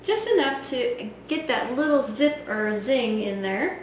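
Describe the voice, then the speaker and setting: With a slightly high, sing-song voice and a measured pace, a home cook chats eagerly through a cooking demonstration. Loud frying, kitchen echo, and a distant mic position mark the recording.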